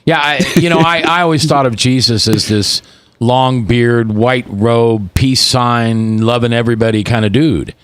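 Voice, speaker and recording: A man speaking as a guest on a faith talk show, agreeable and quick to chime in with assent. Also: medium pitch, a bit bright, clear, resonant tone, no room sound. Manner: agreeable, frequent yeahs. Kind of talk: casual faith chat.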